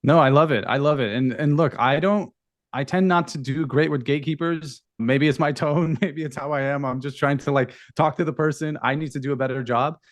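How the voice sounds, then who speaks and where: A man's voice: fairly high pitch, brisk, no room sound. A man as a guest sales expert giving casual advice, often restarting and repeating words. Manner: hesitant, repeats words, hedges.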